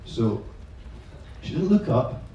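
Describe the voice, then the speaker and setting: Taking his time, the man uses big pitch swings in a warm, medium-pitched voice. He's a teacher trainer telling a humorous story live, casual and self-mocking, swearing without restraint. The evening-event room echoes a lot, the mic is distant, and there's a little hiss or hum.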